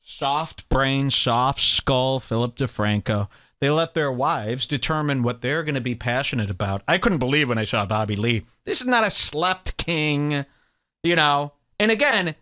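A brash man rants through his podcast, abrasive and foul-mouthed. His voice sits fairly high and sounds bright and keen. It rises and falls wildly as he goes. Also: lively intonation, measured pace, clean tone. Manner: abrasive, profane, mocking. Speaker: podcast host. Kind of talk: casual rant with cohost.

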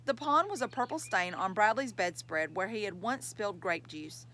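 Woman reader, children's novel, lively pitch, expressive. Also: normal speed, low-quality recording. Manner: expressive storytelling. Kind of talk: reading a children's novel aloud.

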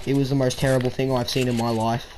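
A man's voice: medium pitch, little pitch movement, fast talker, darkish tone, a little hiss or hum. A man chatting playfully in voice chat while gaming, putting on a broad Australian voice full of slang. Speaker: gamer trolling in voice chat.

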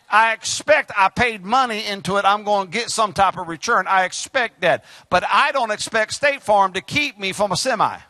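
A man preaching a fiery sermon, swinging between sudden shouts and hushed asides. His voice is high and bright, rising and falling widely. The sound is dry and close. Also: no room sound. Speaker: pastor.

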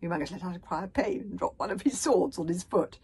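A woman reading her own children's book aloud, dramatic and often dropping to a hush. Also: on the low side, fast, husky, poor audio. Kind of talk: storybook reading.

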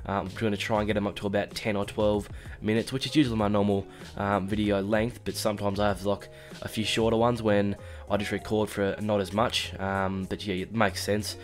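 An Australian man with a congested, stuffy voice from a cold, giving chatty let's-play commentary with lots of fillers and sudden excited outbursts. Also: on the low side, brisk, faint music behind. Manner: chatty, rambling with fillers, bursts into excited shouts at big moments. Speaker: gaming YouTuber.

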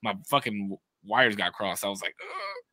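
Excitable, bright-voiced podcast guy. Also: fairly low pitch, a little fast, no room sound. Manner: excitable, emphatic, profane. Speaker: podcast co-host. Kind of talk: casual livestreamed podcast chat.

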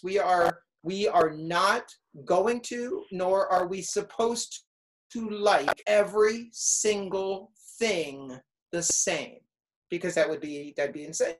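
A middle-aged man, a music teacher, giving casual advice to students in an animated, storytelling way, often acting out what kids say. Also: high voice, unhurried, poor audio.

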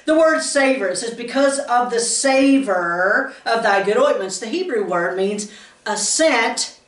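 Woman with a slightly high voice, homey devotional host, recorded at a distance in a roomy space. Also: measured pace. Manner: earnest and homey, with lively asides to listeners. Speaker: pastor's wife giving a devotional. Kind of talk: conversational devotional teaching. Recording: roomy sound from a distant mic.

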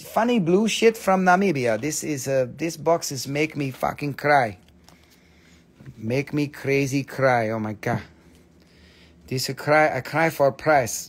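Excitable, higher-pitched man selling crystals. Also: creaky, breathy edge. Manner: excitable, swearing, playful, non-native phrasing. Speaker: live sale host. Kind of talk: live-stream crystal sale.

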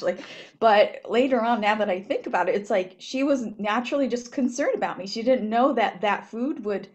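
A young woman from Japan talking on a panel, rambling with many fillers and animated retelling of her experiences. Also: a little high, a little fast. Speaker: student panelist. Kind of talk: casual panel talk. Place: event hall.

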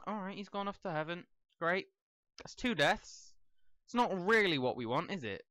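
A man's voice: high voice, lively intonation, normal speed, bright, forceful tone, dry recording, clean studio sound. A young man giving casual gameplay commentary, rambling and talking to the characters on screen. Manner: rambling, talks to the game characters. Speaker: let's play gamer.

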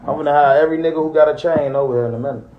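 A man's voice: a little high, steady tone, rapid-fire, dull audio, a little hiss or hum. A young man in a boastful, threatening trash-talking rant aimed at rivals. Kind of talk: taunting rant to viewers.

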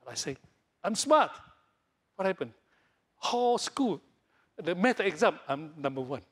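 A middle-aged man from Taiwan, a Taiwanese native speaker, preaching a sermon in broken English full of repeats and fillers, swinging between loud high bursts and soft low lines. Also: moderate pace, breathy edge. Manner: animated, jumps between loud highs and soft lows. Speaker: pastor.

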